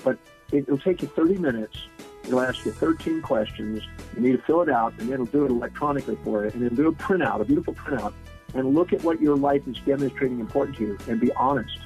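A man, a guest on a talk program, telling a lively anecdote and acting out the quoted lines. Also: mid-range voice, quick pace, faint music behind. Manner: animated anecdotal storyteller, acts out quotes. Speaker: guest speaker. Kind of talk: storytelling in an interview. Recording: husky voice on a tinny phone-like line.

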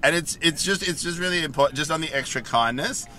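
A man's voice: on the high side, fast, a crowd in the background. A man co-hosting a podcast in casual chat, talking keenly and laughing easily. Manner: enthusiastic, loves awkward moments, laughs easily. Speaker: podcast co-host.

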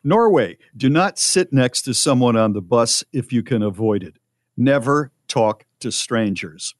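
A man's voice: medium pitch, animated, unhurried, dry recording, clean studio sound. A man co-hosting a radio show, chatting casually and reading out listener posts with his own asides. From United States.

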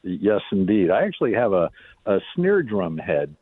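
A middle-aged man calls into a radio talk show and tells stories in a chatty way, stopping and restarting often. His voice sits a little low and comes through a tinny phone line. The sound is dry and close. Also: sing-song, normal speed, slightly rough, dry recording. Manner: chatty, storytelling, frequent restarts. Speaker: radio guest, former state senator. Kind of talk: casual radio call-in chat.

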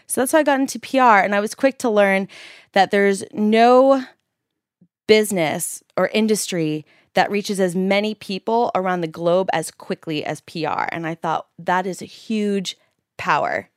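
A woman's voice: medium pitch, moderate pace, dry recording, studio quality. A young adult woman from San Francisco, a PR company founder, chatting expressively and laughing easily. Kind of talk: casual chat.

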